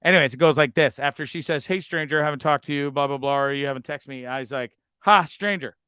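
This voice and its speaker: A man's voice: mid-range voice, level tone, clean tone, no room sound. A man hosting a live talk show, telling a rambling, confessional story full of swearing, fidgety and nervous as he talks. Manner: rambling, confessional, swears a lot, quick swings between loud and muttered. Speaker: host. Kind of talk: casual live show monologue.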